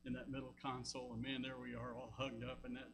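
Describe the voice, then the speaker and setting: Older Southern pastor telling folksy stories. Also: male voice, medium pitch, monotone, fast talker, rough recording. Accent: Southern American. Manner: folksy storytelling with asides. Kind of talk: sermon. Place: church sanctuary.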